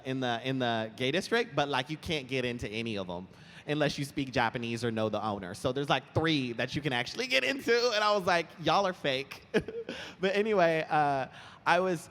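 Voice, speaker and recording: A young man chatting as an interview guest on a convention stage, animated and quick to laugh, telling his stories with lively put-on voices. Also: medium pitch. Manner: animated, giggly, lively storytelling. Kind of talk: casual chat on stage. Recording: roomy hall with faint ambience.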